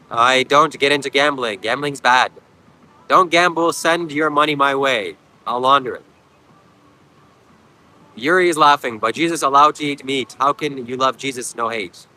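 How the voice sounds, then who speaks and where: A man from Canada streaming outdoors at a beach, answering his chat with deadpan jokes. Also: medium pitch, rough recording. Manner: deadpan, joking replies to chat. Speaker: livestream host reading chat. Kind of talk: casual livestream chat.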